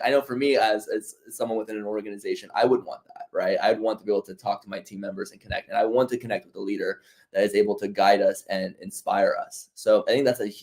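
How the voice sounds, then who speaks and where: A man co-hosting a podcast, chatting casually and laughing often as he tells stories. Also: lowish voice. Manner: laughs often, animated storytelling. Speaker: podcast co-host. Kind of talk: casual discussion.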